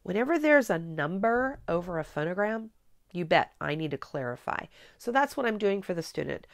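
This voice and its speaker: A middle-aged woman teaching a spelling method, explaining clearly and coaching a student step by step. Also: on the low side, animated, a little fast, no room sound. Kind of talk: instructional demonstration.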